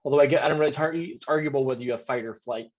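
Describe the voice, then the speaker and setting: A man narrating a tabletop game as game master, hesitant, with many pauses and ums while describing scenes. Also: medium pitch. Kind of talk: narrating a tabletop game over video call. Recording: dull lo-fi audio.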